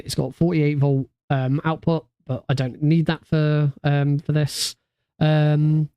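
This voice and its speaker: A man's voice: a little high, mellow, clean tone, no room sound. A man streaming from home, chatting loosely and correcting himself as he talks into a studio mic. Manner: rambling, loose and self-correcting. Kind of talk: casual livestream chat. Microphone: studio mic through a mixing desk.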